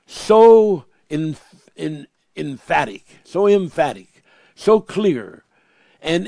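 Slow scripture reading, words repeated for stress, and shifts from loud proclamations to quiet asides mark this man's emphatic sermon. His voice sits a little high, captured in clean studio sound with no echo.

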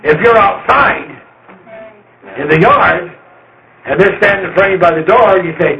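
A man's voice: high voice, animated, moderate pace. A man giving an informal Bible study lecture, conversational and emphatic, repeating words to stress his points. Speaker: Bible teacher. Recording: roomy, dull lo-fi recording.

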